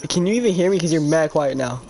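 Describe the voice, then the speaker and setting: A teenage boy chats with friends on voice chat while gaming, his voice sitting a little high for a guy. He talks loudly and bluntly, laughing his way through stories. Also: lively intonation, quick pace, gravelly. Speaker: gaming channel host.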